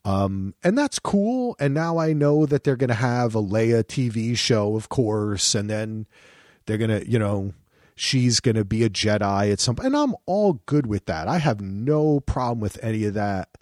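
Male podcast co-host, lively and foul-mouthed, bouncy pitch, dry close recording. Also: normal speed, dry recording. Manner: animated, profane, restarts often. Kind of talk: casual chat.

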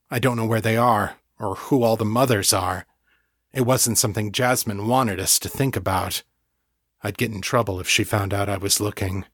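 A man reading a young male incubus priest weighed down by guilt, his voice rough and heavy with emotion. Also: lowish voice, a bit bright, dry recording, clean studio sound.

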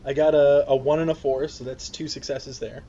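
A man's voice: mid-range voice, steady tone, brisk, warm tone. Easygoing man on a dull mic. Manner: easygoing, chuckling, methodical. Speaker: player. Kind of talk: tabletop play, reading dice rolls. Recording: dull, slightly muffled mic with faint hiss.

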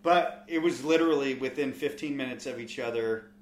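A man's voice: medium pitch, brisk, roomy sound, a little hiss or hum. A man with a Californian accent hosting a casual chat, blunt and swearing casually. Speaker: podcast host.

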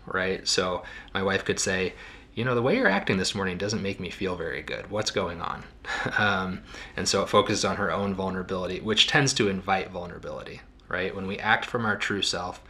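Low, bright-toned middle-aged man, halting. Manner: halting, with frequent ums and restarts, warm self-deprecating laughs. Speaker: podcast host and marital therapist. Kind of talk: casual reflective podcast talk.

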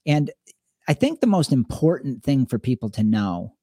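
Mellow-voiced man telling stories on a podcast. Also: mid-range voice, moderate pace, husky, no room sound, studio quality. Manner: animated storyteller, acts out quoted voices. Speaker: podcast co-host. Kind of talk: casual podcast discussion.

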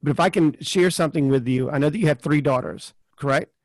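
A man hosting a podcast, asking a long question in a halting way as he searches for words, and affirming his guest often. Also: fairly high pitch, a little mellow, dry recording. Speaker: podcast host. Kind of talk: interview conversation.

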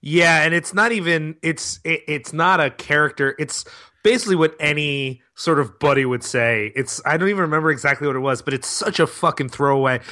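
A man's voice: fairly high pitch, a little fast, bright, forceful tone. A man guesting on a film podcast, chatting loosely and profanely with plenty of fillers. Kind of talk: casual film-review chat.

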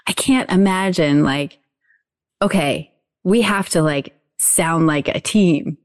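A woman's voice: deep voice, takes it slowly. A woman chatting casually, enthusiastic and agreeable, laughing easily. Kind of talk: casual chat.

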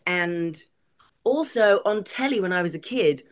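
A woman's voice: fairly low pitch, lively intonation, unhurried. A British woman from Britain, a guest on a podcast interview, chatting in a self-deprecating way and laughing easily. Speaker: guest, arts executive director.

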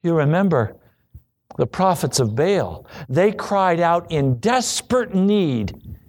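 A man preaching a sermon, acting out pleading prayers and quoted voices, then dropping low for repeated refrains. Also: big pitch swings, slow, darkish tone.

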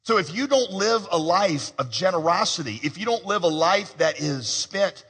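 A male pastor delivers his sermon in a conversational storytelling manner and tosses in humorous asides. His voice is bright and a bit husky. A long reverb from a large hall trails each phrase. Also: high voice, lively intonation, moderate pace.

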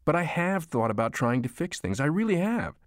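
A man's voice: fairly high pitch, big pitch swings, brisk, dry recording, clean studio sound, voice pushed up. Weary defensive grown son, read by a man. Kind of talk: audiobook character voice.

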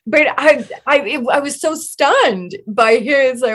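A woman hosting a casual podcast conversation, animated when telling stories and quick to laugh. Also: fairly high pitch. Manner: animated storyteller, laughs easily.

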